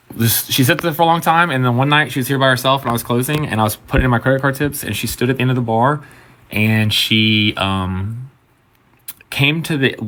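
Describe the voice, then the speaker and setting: A man's voice: fairly low pitch, fairly bright tone. A man who works as a bartender, telling a story in a loose, conversational way, swearing and acting out the quotes. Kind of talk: casual storytime.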